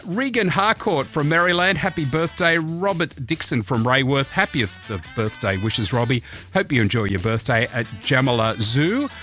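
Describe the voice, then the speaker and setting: Lively Australian radio breakfast host. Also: male voice, on the high side. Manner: chatty and jokey, self-mocking asides. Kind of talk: casual radio chat and birthday call-outs.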